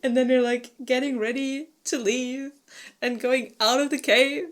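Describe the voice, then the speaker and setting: A woman's voice: high-pitched, fairly even intonation, a little slow. A woman co-hosting a casual book club discussion, retelling scenes with laughter and quoted voices.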